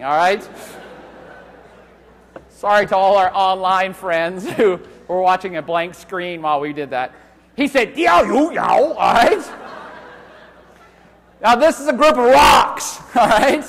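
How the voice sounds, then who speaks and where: High, lively male lecturer in echoing hall. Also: unhurried, pauses often. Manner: loud, animated, joking and profane. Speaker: university lecturer. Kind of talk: live classroom lecture. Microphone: handheld microphone.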